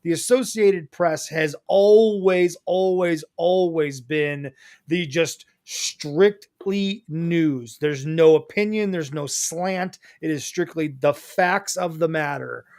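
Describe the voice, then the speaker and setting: A man's voice: on the high side, takes it slowly, darkish tone. A man co-hosting a casual podcast chat, playful and joking, drawing out words for emphasis. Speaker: co-host.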